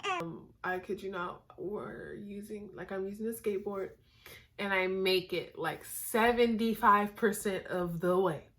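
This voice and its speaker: A woman's voice: medium pitch, moderate pace, a bit bright. A young woman from Northern California, chatting casually to her camera, rambling with lots of fillers and a tired, goofy manner. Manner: goofy and tired late at night. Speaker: vlogger.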